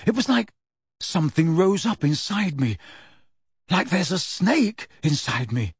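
A man reading an audiobook, voicing an anxious teenage boy who speaks in a hushed, uneasy voice. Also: fairly high pitch, big pitch swings, unhurried, slightly rough, no room sound, studio quality, exaggerated voice. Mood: frightened hushed. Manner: hushed, near whisper, uneasy.

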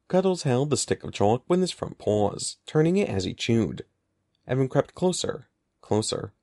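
A man narrating an audiobook in an expressive, lively storytelling manner. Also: medium pitch, moderate pace, gravelly, dry recording, clean studio sound. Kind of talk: scripted narration.

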